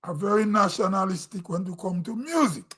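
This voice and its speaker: A Grenadian man hosts his own show and shares his view in a slow, emphatic way, stopping now and then to stress a point. His voice sits fairly high and has a husky edge. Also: lively intonation, a bit bright. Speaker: host. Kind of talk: opinion commentary.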